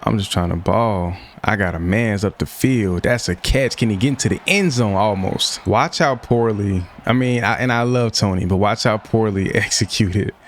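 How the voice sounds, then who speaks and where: A man's voice: on the low side, moderate pace, few pauses, slight background noise. A young man giving casual, slangy gameplay commentary, often frustrated as he plays. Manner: frustrated, slangy, self-talk while playing. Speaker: gaming YouTuber.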